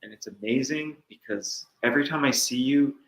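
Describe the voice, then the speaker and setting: An earnest man chatting as a guest on a talk show, reflective and open. His voice sits at an ordinary pitch, and the room around him sounds noticeably echoey. He now and then acts out little inner voices as he talks. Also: brisk. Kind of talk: casual chat.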